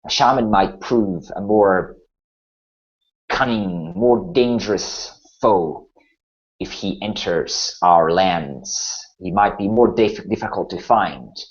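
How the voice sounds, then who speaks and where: A man runs a tabletop game as game master, narrating in a measured way with small fillers. His voice sits on the low side. The recording sounds muffled and lo-fi.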